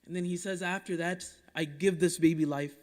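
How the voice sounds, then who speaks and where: High-voiced imam preaching in an echoing mosque. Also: male voice, fairly even intonation. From Dallas, Texas. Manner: impassioned, rhetorical, swinging between loud urging and hushed asides; recites Quranic Arabic quickly between English explanation. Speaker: imam giving the Friday sermon. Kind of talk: Friday sermon. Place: mosque prayer hall. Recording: long reverb of a mosque hall.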